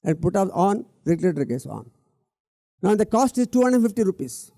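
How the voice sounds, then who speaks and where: A middle-aged Indian man gives an earnest talk on stage, addressing the audience directly and repeating key words for emphasis. His voice is high and sing-song, fairly quick, with a dark tone and no room sound.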